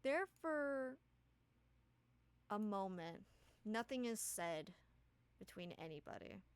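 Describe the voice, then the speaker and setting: A woman's voice: mid-range voice, expressive, slow pace, clear, resonant tone, no echo. A woman narrating as game master of a tabletop game, casual and full of fillers.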